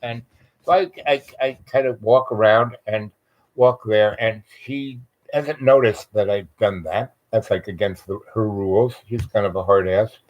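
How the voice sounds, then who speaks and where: A man's voice: lowish voice, fairly even intonation, a little slow, muffled recording. A man hosting a vlog, telling a meandering personal story with lots of fillers and restarts. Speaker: vlog host.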